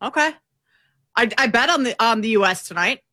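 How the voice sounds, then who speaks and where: A woman's voice: on the high side, lively intonation, brisk, sharp tone, no room sound. A woman co-hosting a talk show, chatting casually with frequent ums and a self-deprecating manner. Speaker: co-host.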